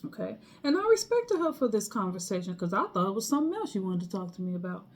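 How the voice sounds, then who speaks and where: A woman's voice: medium pitch, big pitch swings, fast talker. A middle-aged woman casually telling a personal story in a chatty way, acting out the people she quotes. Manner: chatty, acts out quoted people, laughs between lines.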